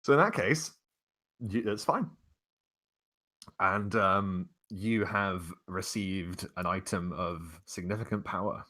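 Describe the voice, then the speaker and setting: A man narrating a tabletop game as its game master, describing scenes in a halting way full of fillers. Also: low-pitched, bright, forceful tone. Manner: descriptive, hesitant with many fillers.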